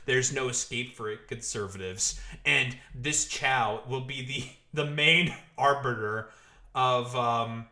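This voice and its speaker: A man's voice: medium pitch, slow, bright, forceful tone, reverberant. A man streaming, mocking and swearing through a profane rant with frequent laughs. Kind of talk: live stream commentary.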